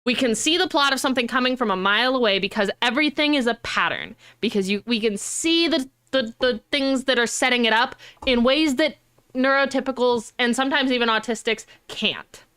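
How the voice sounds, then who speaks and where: A young woman streamer chatting casually, animated and rambling, with frequent swearing. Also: a little high, brisk, clear, resonant tone.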